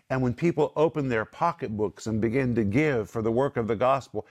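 A middle-aged man teaching the Bible on a broadcast, speaking emphatically and slowing down to stress key words. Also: medium pitch, a little mellow. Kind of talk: Bible teaching with scripture quotes.

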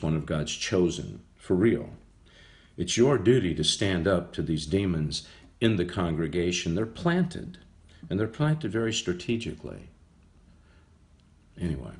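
A man's voice: sits low, a little mellow. A man giving a casual Bible study sermon, talking conversationally and repeating phrases for emphasis. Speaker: preacher.

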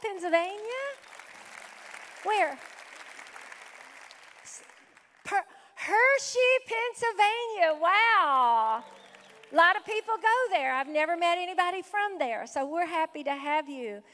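Woman pastor, high voice, effusive greeter, reverberant sanctuary with a faint crowd. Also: fairly bright tone. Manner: exuberant, punctuated with praise exclamations. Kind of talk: welcoming visitors from the pulpit. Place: church sanctuary. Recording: reverberant hall with a faint congregation.

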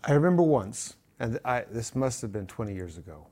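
A man's voice: medium pitch, very animated, fairly quick, mellow. A man co-hosting, chatting casually with small restarts as he talks. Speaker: co-host. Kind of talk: casual chat.

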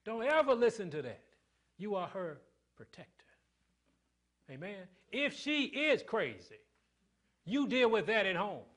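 A middle-aged male pastor preaching a sermon in call-and-response style, quizzing the congregation and swinging between loud emphasis and hushed lines. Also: sits high, big pitch swings, unhurried, long pauses.

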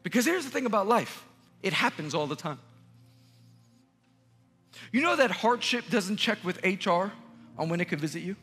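A male pastor preaching a sermon in a large church, emphatic and repetitive, building up to shouts. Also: sits high, big pitch swings, normal speed, pauses often, husky, long reverb tail, soft background music.

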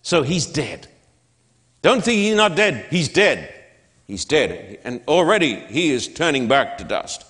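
A man's voice: a little high, sing-song, measured pace, a bit bright. A man preaching a sermon in church, with an emphatic, repetitive cadence. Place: church sanctuary. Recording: long hall reverb.

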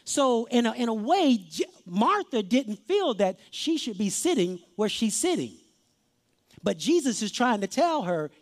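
Pastor, sermon, lively pitch, conversational, repeats phrases, mid-range voice. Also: unhurried. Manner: conversational preaching, repeats phrases, asks for attention.

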